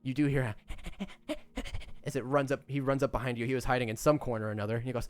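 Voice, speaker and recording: A man narrating as game master of a tabletop game, laid-back and quick to laugh. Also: medium pitch, steady tone, clear, resonant tone.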